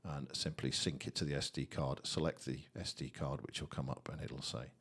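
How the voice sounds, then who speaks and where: A man casually walking through a software tutorial, chatty and thinking aloud. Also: extremely low pitch, fairly even intonation, a little fast, gravelly. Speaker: tutorial host.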